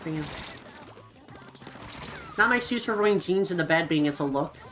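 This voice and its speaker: Her voice is lowish and her pace normal as this young woman streams a game, with soft music behind her and poor audio. She chats casually with viewers, rambling along with lots of fillers and plenty of liveliness.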